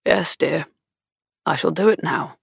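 A woman voicing a kindly retired grandfather with a mild, gentle manner. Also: on the low side, sing-song, moderate pace, dry recording, clean studio sound, exaggerated voice.

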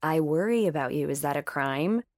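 A woman's voice: low voice, lively intonation, moderate pace, darkish tone, dry recording. A woman voicing a shy, socially awkward young male scientist who speaks in a reserved, dry way.

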